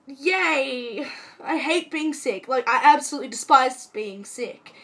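A young woman sick with a cold, talking to camera at home in a chatty, self-mocking and dramatic way, her voice hoarse. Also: sits high, lively intonation, a little slow, bright, forceful tone. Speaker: vlogger. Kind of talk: casual chat to camera.

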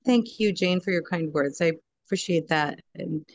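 A woman with a low voice speaks graciously over a video call. The audio is muffled and very dry. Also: normal speed, no echo. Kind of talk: casual video call chat.

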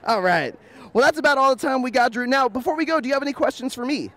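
A young man hosting a library talk show, and his voice sits very high with big, bouncy swings in pitch. He keeps the chat jokey and upbeat and laughs often. He sounds playful and quick to tease his guest. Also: expressive, pushed and bright.

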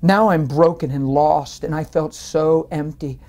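Earnest man, mellow voice. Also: fairly high pitch, a little slow. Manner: earnest, animated storytelling with surges of feeling. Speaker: guest telling his testimony. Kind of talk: emotional personal testimony.

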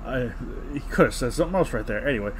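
A man's voice: mid-range voice, animated, quick pace, a little hiss or hum. A man hosting a comedy podcast, reading fan fiction aloud and breaking off with mocking asides.

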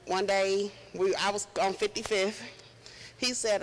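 A woman's voice: on the high side, steady tone, normal speed, a little hiss or hum. A woman sharing a personal memory at a funeral, acting out the quoted voices as she tells the story.

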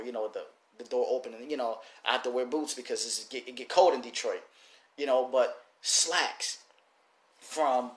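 Animated man in an echoey room. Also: medium pitch. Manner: animated, repetitive, restarts phrases. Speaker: oil seller teaching a lesson. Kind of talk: motivational casual talk. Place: works in Detroit.

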